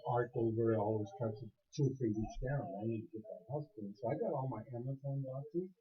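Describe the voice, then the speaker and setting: A man's voice: medium pitch, brisk. A man joking around in casual chat as co-host of a local talk show. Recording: dull lo-fi livestream recording.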